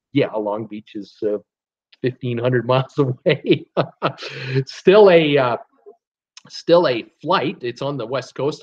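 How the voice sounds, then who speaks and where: A chatty man hosts a casual live stream, reading viewer comments aloud and riffing on them with plenty of fillers. His voice sits at a medium pitch. The audio is slightly dull and lo-fi. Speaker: livestream host reading viewer chat.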